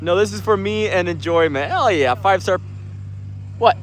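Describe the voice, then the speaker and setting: A young man casually chatting on a livestream at night outdoors, reading viewer comments in a relaxed, slangy way. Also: high voice, normal speed, slight background noise. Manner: laid-back, slangy, reads comments aloud. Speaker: livestream host reading chat. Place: outdoors at night on a work site.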